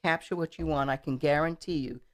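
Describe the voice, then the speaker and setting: A woman's voice: deep voice, brisk. A middle-aged woman guest in a studio interview, telling a story in a chatty way, with frequent fillers and repeated words. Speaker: political candidate, guest.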